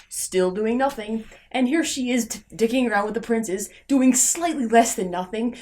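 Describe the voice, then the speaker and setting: A young woman vlogging a sarcastic, exasperated film review. Her voice sits a little high and jumps around a lot, from loud disbelieving outbursts down to grumbling asides. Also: slight background noise.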